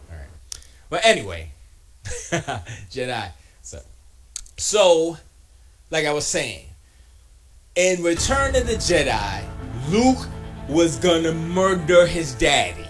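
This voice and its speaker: Streamer, male, lively, swoops up and down, slangy trash talk, music behind. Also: a little high, takes it slowly, pauses often. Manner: animated, trash-talking, slangy. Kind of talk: casual live-stream chat while gaming.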